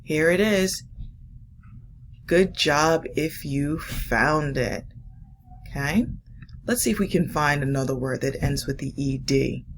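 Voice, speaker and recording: Woman, first grade teacher, low gravelly voice, encouraging, phonics lesson. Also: slight background noise. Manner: slow, patient, encouraging teacher talk to young children. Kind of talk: remote phonics lesson and read-aloud.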